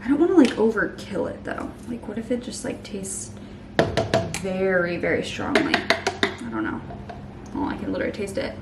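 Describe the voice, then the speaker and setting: A young woman in her twenties chatting casually to camera as she makes a smoothie, saying "like" a lot and sometimes trailing off into soft murmurs. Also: medium pitch, sing-song, moderate pace, roomy sound, far from the mic, heavy background noise. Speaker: lifestyle vlogger. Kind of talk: casual vlog chat. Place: home kitchen.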